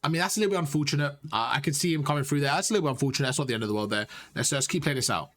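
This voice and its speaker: A man coaching a player through gameplay footage, direct and animated, repeating his points and calling him bro. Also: medium pitch, very fast. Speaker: gaming coach.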